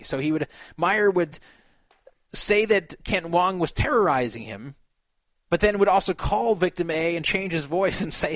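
Male talk host, slightly high voice, dry close mic, reads news aloud with wry chuckling asides. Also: animated, moderate pace, no echo. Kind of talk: reading news aloud with commentary.

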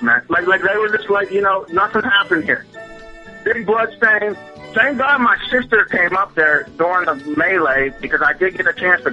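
A man's voice: high voice, bright, forceful tone. A man calling into a radio show, telling a story in a rambling, profane way that keeps repeating itself. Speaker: caller. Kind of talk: emotional call-in storytelling. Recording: dull phone-call sound on radio.

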